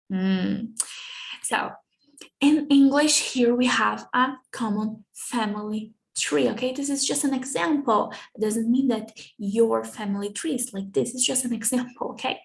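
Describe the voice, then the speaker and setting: A young Brazilian woman, a native Portuguese speaker with a Brazilian accent, teaching English family words in a slow bilingual lesson, drawing out and repeating each word. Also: a little high, gravelly. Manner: slow, drawn-out repetition of words for students.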